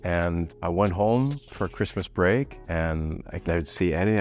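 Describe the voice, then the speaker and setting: A man's voice: measured pace, faint music behind. A middle-aged man from the United States telling a personal story in a conversational way, raising his voice to act out what others said. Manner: conversational, acts out quoted voices with raised pitch.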